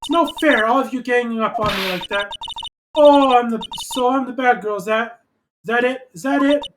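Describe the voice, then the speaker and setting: A woman's voice: fairly high pitch, a little fast, noisy background, close to an everyday voice. April May, a woman doing a whiny bratty witness. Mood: indignant. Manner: whiny, pouting, coy.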